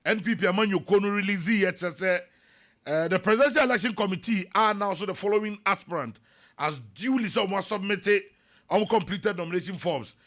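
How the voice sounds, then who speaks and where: A Ghanaian man hosts a morning radio program in a studio. His voice sits a little high for a man, and he moves between casual banter and reading out messages and news with lively energy. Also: a little fast. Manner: animated, switching between Twi and English, reads messages aloud. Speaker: radio morning show host.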